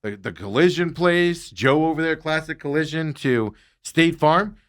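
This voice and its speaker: A man hosting a talk show, telling stories in a casual, animated way and ranting with exasperation. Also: a little high, unhurried. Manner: animated storytelling, exasperated rants. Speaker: radio show host. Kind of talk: casual chat.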